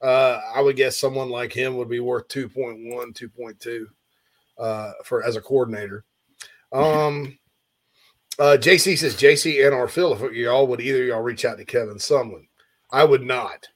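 A man with a drawl hosts a casual sports talk show, speaking at an ordinary middle pitch. He reads out listener questions and answers them in a loose, conversational way. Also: fairly even intonation, moderate pace.

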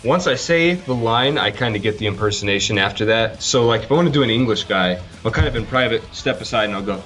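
A man's voice: medium pitch, animated, fairly quick, soft background music. A man hosting a podcast, chatting casually and breaking into silly voices. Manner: playful, jumps into loud silly voices. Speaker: podcast host. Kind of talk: casual chat trying out celebrity impressions.

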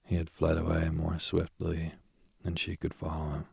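A man reads a myth as a sleep story, slowly and soothingly, sinking now and then into a whisper. His voice is extremely low and gravelly, with a breathy, husky texture. The sound is close and dry. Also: monotone, darkish tone, no echo. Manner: slow, soothing, drifting into whispers. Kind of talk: bedtime story reading.

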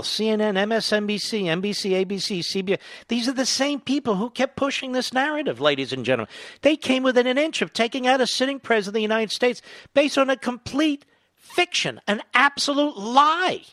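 A man's voice: very high-pitched, expressive, fairly quick, no echo. A man hosting a political talk show, delivering a combative, indignant monologue into a studio mic. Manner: indignant, emphatic, rising to loud outrage.

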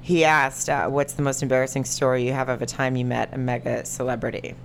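A woman in her thirties, co-hosting a podcast, telling a story in a casual chat. She laughs a lot and jumps up high when she quotes people. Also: little pitch movement, a little fast, slight background noise. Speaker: podcast co-host.

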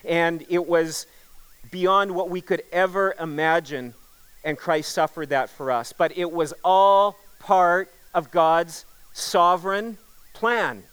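High, clear-voiced male pastor preaching. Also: fairly even intonation, slow, fairly bright tone. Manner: earnest preaching with emphatic repetition. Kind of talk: sermon.

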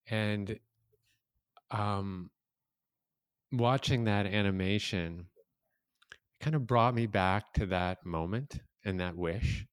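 Middle-aged male host, very low and smooth, reflective and unhurried, dry close-mic sound. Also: dry recording. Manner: slow, reflective, hesitant. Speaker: podcast host. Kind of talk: casual conversation.

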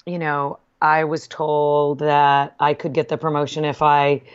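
A woman in casual conversation, speaking in a measured, thoughtful way with hesitant fillers. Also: low-pitched, flat delivery, clean tone, highs cut off. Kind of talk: casual chat.

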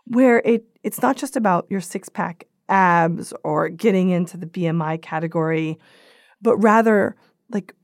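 A woman's voice: on the low side, a little slow, no echo, studio quality. A woman speaking as an expert guest, explaining in a conversational way. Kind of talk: interview answers.

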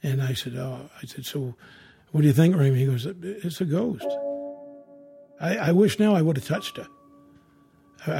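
A man telling a first-person ghost story in a rambling, halting way, full of restarts and repeated words. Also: on the high side, darkish tone.

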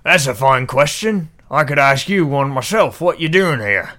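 A man voicing a male guard at a lord's door, talking loudly in a mock-formal put-on accent. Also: medium pitch, sing-song, fairly quick. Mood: wary questioning.

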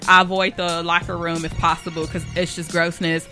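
A woman's voice: lowish voice, level tone, moderate pace, pushed and bright, faint music behind. A woman co-hosting a casual chat show, talking bluntly with lots of swearing and frequent laughter. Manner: blunt, profane, laughs often. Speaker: podcast co-host.

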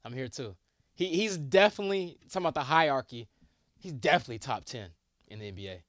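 A man co-hosting a sports talk show, reasoning through his points in a measured, agreeable way. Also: medium pitch, lively intonation, no room sound, clean studio sound. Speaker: sports podcast co-host. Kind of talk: casual sports debate.

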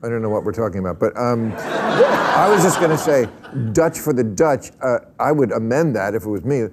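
A man's voice: medium pitch, lively intonation, moderate pace, background noise. A man hosting a studio panel discussion, dry and wry, often laughing through his own remarks. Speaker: talk show host.

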